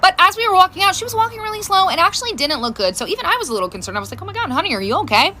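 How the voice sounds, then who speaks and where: A woman, a mother, telling a funny storytime monologue, animated and laughing as she talks. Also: very high voice, very fast, a little hiss or hum.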